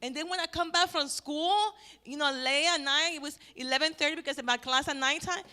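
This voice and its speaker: A middle-aged woman giving a personal testimony at a church family event. She swings between loud exclamations and near-whispers. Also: high-pitched, a little fast. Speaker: church family-life speaker.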